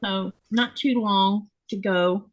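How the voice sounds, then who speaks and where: A woman's voice: mid-range voice, fairly even intonation, takes it slowly, no echo, rough recording. A woman hosting a casual chat from her home sewing desk, talking in a rambling way with restarts and laughs. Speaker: host.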